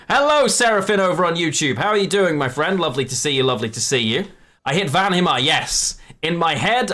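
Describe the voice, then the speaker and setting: A man's voice: on the high side, expressive, fairly quick, sharp tone. A man live-streaming a card game, chatting with viewers and correcting himself as he plays. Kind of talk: live game commentary to chat.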